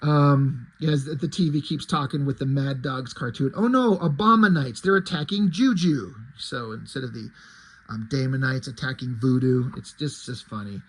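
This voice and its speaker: A man's voice: medium pitch, flat delivery, normal speed, husky, poor audio. A man casually reviewing a comic book, chatty and rambling with plenty of fillers.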